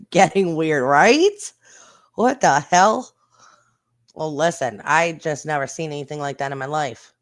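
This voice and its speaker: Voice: medium pitch, expressive, takes it slowly, long pauses. A livestream host giving casual commentary on viral videos in a blunt, indignant way, with mild swearing, and talking straight to the viewers. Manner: chatty, talks straight to the viewers.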